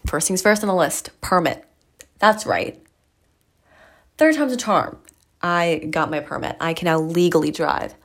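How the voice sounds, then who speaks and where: A teenage girl talks to the camera from her mirror at home, close to the lens. Her voice sits a little low, and she rambles in a chatty, self-mocking way. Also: a little slow, creaky, long pauses. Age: teens. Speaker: vlogger. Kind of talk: casual chat to camera.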